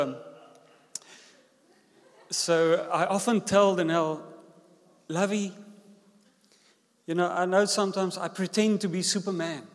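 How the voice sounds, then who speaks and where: A man, a senior pastor preaching a sermon with jokes and an animated delivery. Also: high voice. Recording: long hall reverb.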